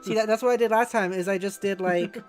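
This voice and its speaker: A woman's voice: mid-range voice, steady tone, quick pace, soft background music. A woman streaming a game with a friend, playful and giggly, swearing casually. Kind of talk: casual co-op let's-play chat.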